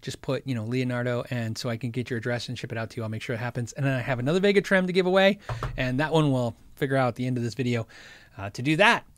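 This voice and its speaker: A man's voice: medium pitch, rapid-fire, a bit bright. Rambling chatty man hosting a gear stream. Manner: rambling, chatty, frequently sidetracked; joking, self-interrupting. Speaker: host of a guitar gear livestream. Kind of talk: casual chat answering live chat.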